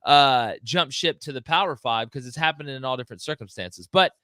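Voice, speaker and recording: A man co-hosting a casual sports talk show, animated and given to mocking asides. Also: mid-range voice, brisk, clean tone, dry recording, clean studio sound. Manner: animated, mocking quoted voices, laughing asides. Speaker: podcast co-host.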